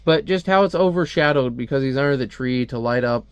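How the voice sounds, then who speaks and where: Rambling male comic reviewer, crisp dry voice. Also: medium pitch, a little fast, no echo, lo-fi sound. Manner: rambling, lots of "like" and restarts. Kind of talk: casual video review.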